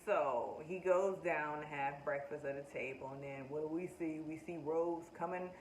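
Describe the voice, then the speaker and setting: A woman with a lower-pitched voice gives a casual, opinionated review of a show, talking straight to her viewers. She sounds animated as she shares her views. She is recorded a bit away from the mic in an echoey room with faint ambient noise behind her. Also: normal speed, distant mic.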